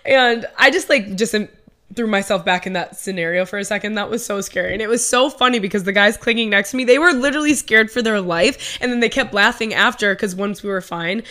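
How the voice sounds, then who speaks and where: A young woman in her twenties hosting a podcast solo, telling a personal story in a casual, animated way with plenty of fillers. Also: mid-range voice, fairly quick. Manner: animated, lots of "like" and "um", acts out reactions. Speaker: podcast host.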